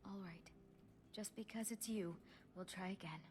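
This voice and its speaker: A woman's voice: mid-range voice, steady tone, natural voice. Elisif, a woman voicing a reserved widowed queen. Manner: formal, measured, hesitant. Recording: game audio under soft music.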